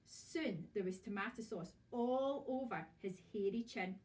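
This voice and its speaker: A woman teacher with a Scottish accent, reading a storybook aloud to children in a lively, expressive way. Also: medium pitch, a little slow. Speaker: primary school teacher. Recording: voice from far off.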